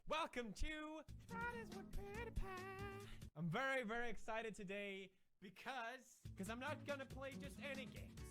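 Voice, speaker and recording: A young man giving loud, jokey let's-play commentary while playing a game, swearing often. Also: sits high. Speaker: gamer.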